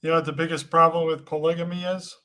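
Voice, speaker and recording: A man, a guest comedian on a talk show, telling jokes in a deadpan way with pauses. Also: on the high side. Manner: deadpan, dry delivery with pauses.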